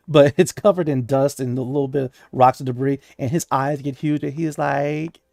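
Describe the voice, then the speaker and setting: A man's voice: medium pitch, fairly even intonation, normal speed, vocal fry, dark tone, no echo, clean studio sound. A man narrating as game master of a tabletop game, chatty and laughing, with many fillers.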